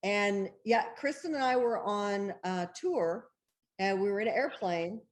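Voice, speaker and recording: Excitable woman telling a story. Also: medium pitch, measured pace. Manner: excitable, laughs often, acts out quoted dialogue. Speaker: bestselling author, interview guest. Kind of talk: animated storytelling in an interview.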